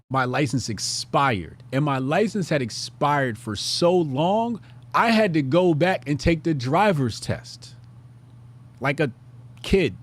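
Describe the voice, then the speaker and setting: A man in his thirties hosting his show, telling a casual story with profanity and sudden loud, excited bursts. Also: fairly low pitch, a little hiss or hum. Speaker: show host.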